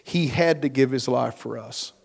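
A man preaching a sermon as pastor, slow and emphatic, his force rising and falling. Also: mid-range voice, vocal fry. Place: church.

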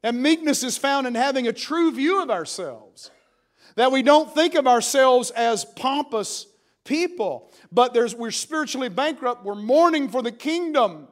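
A man preaches a sermon in a high voice. His delivery is fervent, sinking to near whispers before rising again with force. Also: animated, a little slow. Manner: fervent, swings from hushed to loud. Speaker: pastor.

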